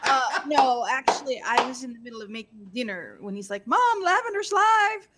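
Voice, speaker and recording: A woman's voice: a little high, a little fast, crowd noise. A woman joining a casual chat as a guest, talking chattily and laughing often.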